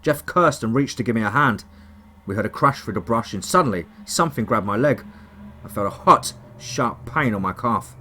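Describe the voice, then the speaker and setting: A man's voice: mid-range voice, lively intonation, moderate pace, sharp tone, a little hiss or hum. A man narrating a first-person horror story in a dramatic, tense storytelling manner.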